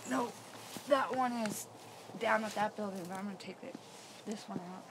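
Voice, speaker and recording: A woman exclaiming excitedly as she explores an old site outdoors in the cold. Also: medium pitch, moderate pace, noisy background. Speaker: paranormal investigator. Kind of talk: casual chat while exploring.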